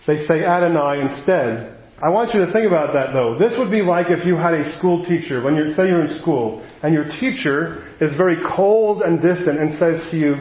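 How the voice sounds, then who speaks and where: A man gives a sermon in a loose, conversational style, breaking off for quick asides. His voice sits a little high for a man. The sound is muffled and lo-fi, with a roomy echo around it. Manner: conversational and animated, with asides and chuckles. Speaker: pastor. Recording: echoey room, dull lo-fi sound.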